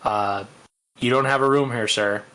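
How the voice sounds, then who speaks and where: A man's voice: mid-range voice, steady tone, normal speed, sharp tone, clear, resonant tone, close to an everyday voice, rough recording. A man voicing a bulky but lanky male elf bouncer who speaks stiffly and formally in a tabletop game. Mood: firm.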